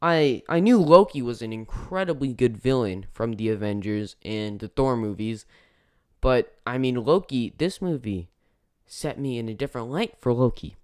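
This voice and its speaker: A man's voice: mid-range voice, normal speed, smooth, dry recording, clean studio sound. Man rambling through a movie review. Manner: rambling, self-correcting, lots of fillers. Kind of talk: casual spoken movie review.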